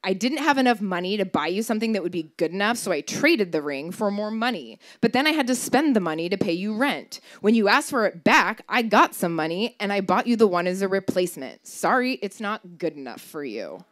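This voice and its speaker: A woman's voice: mid-range voice, big pitch swings, a little fast, hardly any pauses, close to an everyday voice. A woman storyteller reading out an apologetic, evasive email from a young ex-boyfriend, lightly in his voice. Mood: sheepish.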